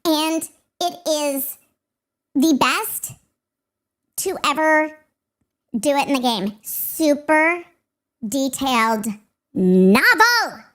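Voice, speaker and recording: A woman putting on the voice of a boastful, whiny young woman, as a sarcastic parody with high, drawn-out words. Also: expressive, fairly bright tone, exaggerated voice. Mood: mocking whiny.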